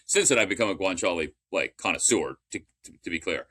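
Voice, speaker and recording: A man's voice: deep voice, expressive, fairly quick, pushed and bright. A man in casual podcast chat, telling long rambling stories with restarts and the odd curse.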